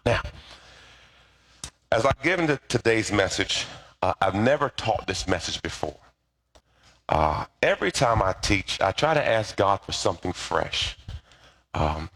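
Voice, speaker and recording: A man's voice: low-pitched, a little slow, pauses often. A middle-aged male pastor preaching a sermon, telling stories and calling for responses from the congregation. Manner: animated storyteller with call-and-response.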